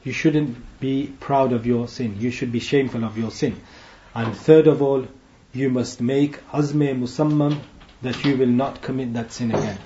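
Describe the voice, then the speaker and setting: Male imam giving a teaching sermon, mellow tone, quick chanted verses, echoey dull room. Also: mid-range voice, steady tone, slight background noise. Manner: teaching, checking in with frequent asides.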